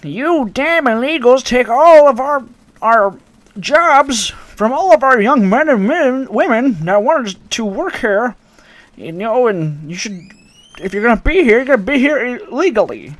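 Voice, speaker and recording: A man putting on the voice of a cranky elderly woman who scolds in a shrill, ranting way. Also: animated, unhurried, dry recording.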